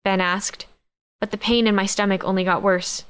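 Female audiobook narrator, mid-pitched, even and measured first-person reading. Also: clear, resonant tone.

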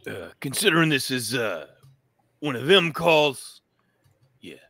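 A man voicing a gruff fire station chief taking a call. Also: mid-range voice, sing-song, unhurried, bright, forceful tone, dry recording, pitched above the performer's own voice, heavily acted.

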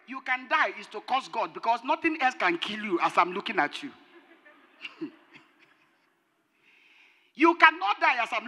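A woman pastor delivers a fervent sermon, her voice leaping between loud shouted lines and hushed low phrases. Her pitch moves in lively swings, and a long hall reverb trails every word. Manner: impassioned preaching, swinging between shouted peaks and low drops.

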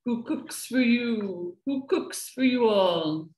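A woman's voice: a little high, animated, slow, a little mellow. Barred owl call, by a woman. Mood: hooting. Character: barred owl hooting a deep question. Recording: echoey room.

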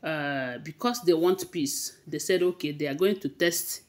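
A woman's voice: low-pitched, measured pace, darkish tone. Nigerian lady telling royal gossip, lots of uhs, chatty and rambling. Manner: hesitant, many fillers and restarts, conversational retelling. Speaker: celebrity gossip narrator. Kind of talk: casual gossip storytelling.

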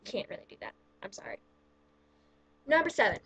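A woman's voice: a little high, very animated, a little fast, fairly bright tone, slightly rough, low-quality recording. A woman vlogger ranting casually through a countdown list of pet peeves, exasperated and sarcastic, with plenty of "like" in her speech. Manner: exasperated, sarcastic, heavy use of "like".

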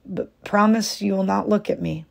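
A woman voicing a gentle, fearful crane who has become a wife, speaking in a soft, pleading way. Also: medium pitch, fairly even intonation, moderate pace, gravelly. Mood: tearful.

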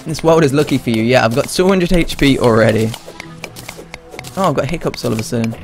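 A young man talks casually and playfully over his game, reading and answering his chat as he goes. His voice sits at an ordinary middle pitch. Game music plays clearly underneath him. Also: animated, a little fast. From Britain. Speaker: streamer playing a game. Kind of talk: casual live-stream commentary. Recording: game music playing behind the voice.

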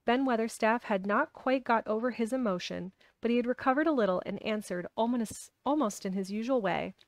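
A woman reading a classic children's novel aloud in a steady, expressive way. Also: fairly high pitch, brisk, no room sound. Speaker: audiobook reader. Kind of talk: storybook reading.

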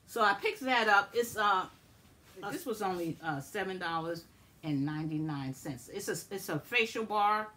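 A woman chatting casually and excitedly to viewers as she shows and swatches makeup finds. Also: mid-range voice, moderate pace. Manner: chatty, excitable, addresses viewers as y'all and guys. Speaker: beauty vlogger. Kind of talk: casual makeup haul review.

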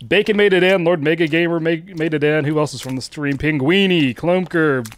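A man commentating live as he plays a game, excitable and teasing the other players. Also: fairly high pitch, brisk. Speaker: streamer.

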